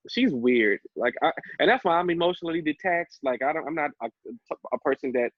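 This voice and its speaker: A young man co-hosting a podcast, telling a personal story in an animated, profane way and laughing as he goes. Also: a little high, brisk, dry recording. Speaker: podcast co-host. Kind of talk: casual storytelling chat. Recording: dull lo-fi dry sound.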